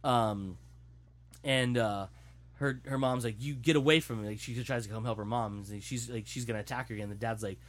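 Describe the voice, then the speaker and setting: A man's voice: medium pitch, normal speed. A young man tells a story in a loose, casual way, swearing freely. He mimics what the characters say as he retells the plot to his friends. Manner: animated, profane storytelling, acting out quotes.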